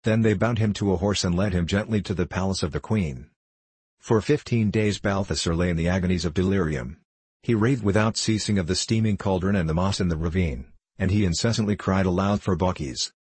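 A man reading a story aloud as an audiobook narrator, in a steady, even storytelling manner. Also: deep voice, brisk, husky, no echo, low-quality recording. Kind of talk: scripted narration.

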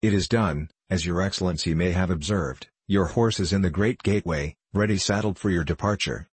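A man's voice: sits low, a little fast, slightly rough, dry recording. A man reading the part of a deferential, fearful innkeeper in an audiobook. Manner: deferential, humble. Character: fearful fawning middle-aged innkeeper.

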